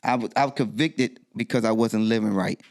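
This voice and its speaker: A middle-aged man, a guest DJ, telling a personal story in a podcast interview, his voice jumping high when he quotes himself. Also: a little fast, vocal fry.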